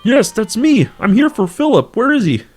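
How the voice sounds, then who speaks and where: A man's voice: very high-pitched, very animated, normal speed, darkish tone, soft background music, voice pushed up, full character voice. A man voicing a brave young man in a nasal puppet-frog voice with auto-tune, speaking in sing-song rhymes. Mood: earnest. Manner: rhyming sing-song delivery. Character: brave young man seeking his friend.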